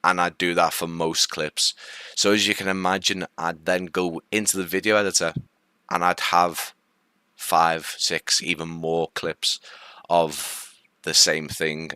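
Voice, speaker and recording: A man's voice: low voice, level tone, measured pace, sharp tone, clear, resonant tone, no room sound. A man with a light Liverpool accent, hosting a casual live stream, rambling chattily with many fillers and greeting viewers. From Liverpool, England. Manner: friendly, greets viewers and answers comments.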